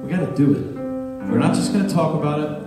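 A pastor with a fairly high voice preaches quickly, his intonation lively, speaking plainly with humor and building emphasis. The recording is echoey and distant, made in a church hall with guitar audible.

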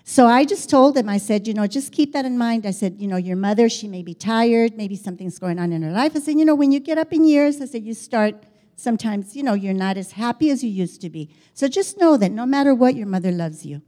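Mellow-voiced older woman telling a story. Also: on the high side, brisk. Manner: chatty, animated, quotes dialogue, frequent restarts. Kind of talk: personal testimony storytelling.

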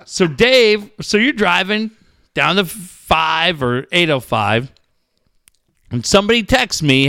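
A man's voice: high voice, animated, slow pace, pushed and bright, clear, resonant tone, no echo, studio quality. A man from the San Diego area in casual chat, ranting with profane mock anger.

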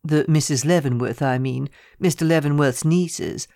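A calm young male secretary in a recorded novel, talking in a low, matter-of-fact way, as the narrator puts him on. His voice sits at an ordinary pitch, and the recording is dry and close. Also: moderate pace, creaky, dry recording, lightly acted. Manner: low, steady, businesslike delivery. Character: young male private secretary, cool and businesslike. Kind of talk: audiobook character reading.

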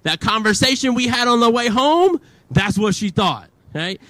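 Chatty young youth pastor, lively pitch. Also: male voice, normal speed, no room sound. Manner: casual, chatty, many "like" fillers, acts out quotes. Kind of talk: storytelling sermon to teenagers.

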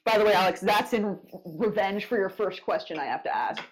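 A woman's voice: medium pitch, a little fast, rough recording. A young woman hosting a casual podcast interview, giggly and teasing, calling out to her co-hosts. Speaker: podcast host.

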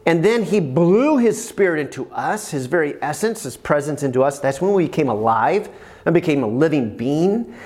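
Animated, sing-song male preacher. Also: a little high. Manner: animated, exclamations of praise. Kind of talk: sermon.

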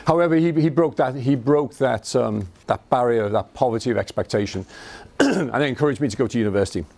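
A man's voice: medium pitch, brisk, a little mellow. A middle-aged man with a Scouse accent giving an evening talk to an audience, telling life stories in a self-deprecating way with frequent restarts. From Liverpool, England. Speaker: invited speaker.

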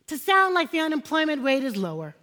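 Woman preaching a fiery sermon, high voice, keeps asking for amens, long echo like a church hall. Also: sing-song, a little fast, pushed and bright. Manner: emphatic, repeats phrases for effect, calls for amens.

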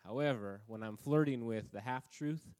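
Male pastor, middle-of-the-range pitch, loose conversational preaching with self-deprecating humor. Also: moderate pace, a little mellow. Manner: casual, self-deprecating, anecdotal. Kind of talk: conversational sermon.

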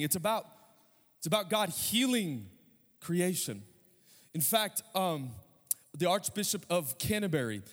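A high-voiced male pastor preaches a sermon in a hall with long reverb. He's emphatic, firing rhetorical questions at the congregation.

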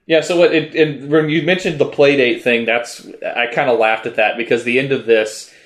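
A man's voice: medium pitch, steady tone, normal speed. A man in casual conversation about comics, rambling with frequent restarts and laughs. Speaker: podcast co-host discussing comics. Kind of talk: casual chat.

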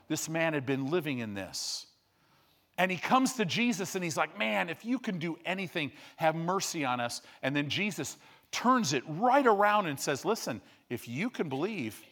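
During his sermon, a middle-aged pastor alternates between quiet, low asides and loud, rising high points.

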